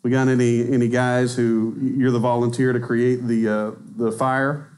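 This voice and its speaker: A man, raised in Arkansas, preaches in a church at a middle pitch. His talk stays loose and chatty, full of joking asides. He lifts his voice to act out the quotes. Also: level tone, moderate pace, darkish tone. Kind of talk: conversational sermon. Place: church sanctuary.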